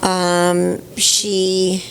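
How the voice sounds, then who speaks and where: An older woman, an actress appearing as a panel guest, tells chatty anecdotes on a convention panel stage and laughs often. Her fairly low, creaky voice barely moves in pitch and is very slow. The recording is rough, with a little hiss or hum.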